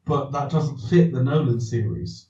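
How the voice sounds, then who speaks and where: Man, mellow, in a roomy far-off sound. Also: mid-range voice, animated, moderate pace. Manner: rambling, restarts sentences, asks himself questions. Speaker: podcast host. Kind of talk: casual film discussion. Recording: distant roomy dull recording.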